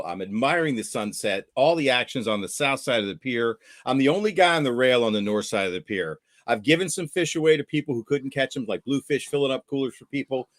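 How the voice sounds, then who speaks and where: A man with a mid-range voice chats casually. He tells his story with animated energy, acting out the voices of the people in it. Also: mid-range voice, no room sound, studio quality. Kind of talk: casual chat.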